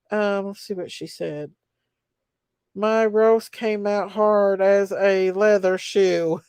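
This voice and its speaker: A woman's voice: medium pitch, steady tone, slow pace, darkish tone, clear, resonant tone, no room sound. A woman hosting a casual livestream, chatty and emotional as she greets viewers by name. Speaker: livestream host. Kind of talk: casual livestream chat reading comments.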